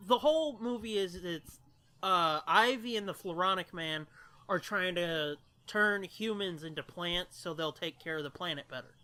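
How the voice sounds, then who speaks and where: A man's voice: high voice, normal speed, bright, forceful tone. A man co-hosting a podcast, recapping a movie plot in crude, profanity-heavy casual chat. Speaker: podcast co-host.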